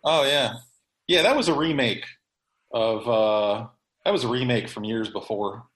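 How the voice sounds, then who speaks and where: A man's voice: mid-range voice, measured pace, a bit bright, reverberant, rough recording. A man hosting a podcast in casual chat, rambling with many fillers and restarts. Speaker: podcast host.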